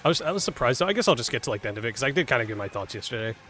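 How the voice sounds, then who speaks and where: A man's voice: medium pitch, very animated, rapid-fire, pushed and bright. A man casually commenting while playing a game, rambling with lots of fillers, swearing and laughing at his own mistakes. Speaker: gaming streamer.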